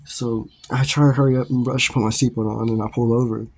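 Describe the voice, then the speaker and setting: A man's voice: mid-range voice, level tone, brisk, darkish tone, husky. A man laughing through a rambling story. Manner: laughs often between lines, swears freely; rambling, with many fillers and restarts. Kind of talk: casual storytime.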